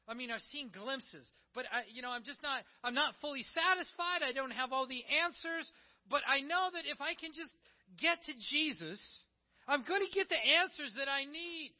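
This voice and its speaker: A man's voice: very high-pitched, moderate pace. A male pastor preaching a sermon in a conversational way, acting out the quotes he tells. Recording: dull, muffled recording.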